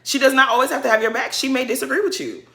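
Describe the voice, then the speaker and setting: A woman's voice: sits high, fairly even intonation, rapid-fire, gravelly, a bit bright. A woman giving a blunt, opinionated recap of a reality TV episode, scolding the cast directly with slangy asides. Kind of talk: opinionated casual commentary.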